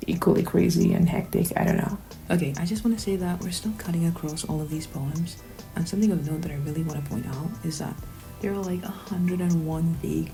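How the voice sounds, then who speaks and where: A woman's voice: on the low side, creaky, dark tone, poor audio. A woman hosting a critical commentary, talking in a sarcastic, pointed way. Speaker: commentary host.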